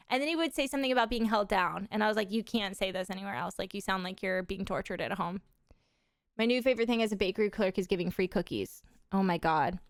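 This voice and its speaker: A young adult woman livestreaming, chatting casually with viewers in animated stories full of swearing and laughter. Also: medium pitch, quick pace, no echo, studio quality.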